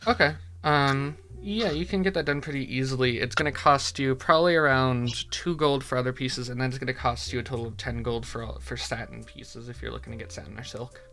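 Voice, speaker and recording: Bright-voiced male game master. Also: medium pitch, brisk, hardly any pauses. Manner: casual, filler-heavy narration. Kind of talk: narrating a tabletop game.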